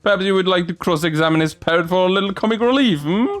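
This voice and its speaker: A man's voice: sits high, fast talker, no room sound, pitched above the performer's own voice, natural voice. A man voicing a haughty older male prosecutor in a courtroom game, speaking in a condescending, mocking way. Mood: smug.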